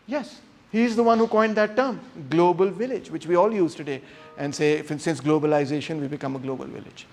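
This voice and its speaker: A man giving a classroom lecture, talking straight to students without a microphone and acting out intonation with emphatic, animated delivery. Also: high voice. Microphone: no microphone, unamplified voice.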